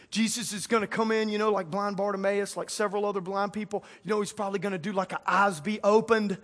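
A man preaching a lively sermon to a church audience, joking and acting out quotes in a playful way. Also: sits high, fast talker, hardly any pauses. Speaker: pastor.

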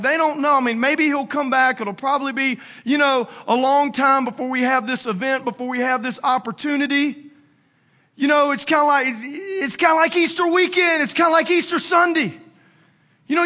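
A man preaching a casual, slangy sermon, retelling a Bible story with animated acted-out quotes. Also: very high-pitched. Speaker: pastor.

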